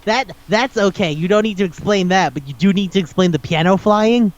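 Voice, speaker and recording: A man's voice: high voice, brisk, dull audio. A man co-hosting a casual podcast chat, ranting and swearing as he picks a movie apart. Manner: ranting, profane, animated. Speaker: podcast co-host.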